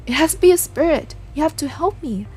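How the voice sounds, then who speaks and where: A woman's voice: high voice, expressive, brisk, darkish tone, faint music behind, voice pushed up. A woman reading aloud the lines of a grieving young woman haunted by a ghost in a game, in an earnest, pleading way.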